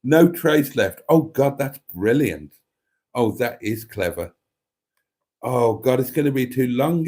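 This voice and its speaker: Male livestream host reading out chat, amused and chatty, lively pitch, mellow tone. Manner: chatty, amused, laughs often. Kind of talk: casual chat reading viewer comments.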